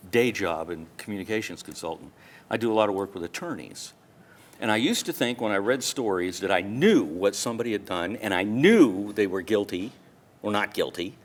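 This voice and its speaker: Lively-voiced man political commentator. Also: fairly low pitch. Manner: measured, weighs his words. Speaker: political commentator and communications consultant. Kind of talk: TV political panel discussion.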